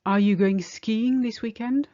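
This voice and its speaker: A woman teaching a French lesson in English, speaking clearly and slowing down to model French phrases. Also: fairly high pitch, mellow, highs cut off. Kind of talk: language lesson.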